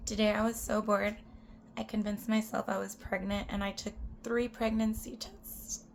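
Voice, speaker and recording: A vlogger in her twenties from the US-Mexico border region chats casually to camera in a mid-range voice, with flat delivery at a moderate pace. She rambles, swears, and often drops into whispered asides, with slight background noise behind her.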